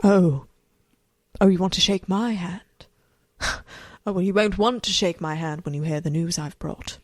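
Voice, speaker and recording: A woman's voice: lowish voice, fairly even intonation, measured pace, no room sound, pitched below the performer's own voice. A woman voicing a wealthy man who delivers news in a grave, ominously teasing way.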